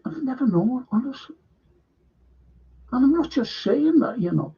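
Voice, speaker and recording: A man hosts a casual film review livestream, rambling and swearing freely. His voice sits fairly high with a husky, gravelly edge. The stream audio sounds dull and lo-fi. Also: big pitch swings, unhurried, dark tone. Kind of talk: casual livestream chat reading viewer comments.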